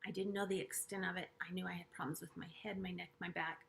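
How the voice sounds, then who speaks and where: A middle-aged woman earnestly telling a personal story to camera, halting and restarting often and dropping to hushed asides. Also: fairly low pitch, level tone, vocal fry, a little hiss or hum. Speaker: vlogger sharing a personal story.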